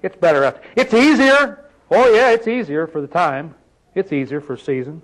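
A man's voice: high voice, lively intonation, moderate pace, rough recording. A man preaching a sermon, reading scripture aloud and pressing the congregation with rhetorical questions.

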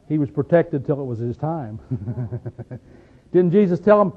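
A man with a Southern hillbilly accent preaching a folksy sermon, asking rhetorical questions and reading scripture slowly. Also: a little high, lively intonation. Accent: Southern American hillbilly. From Appalachian region, USA. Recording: tinny phone-like recording.

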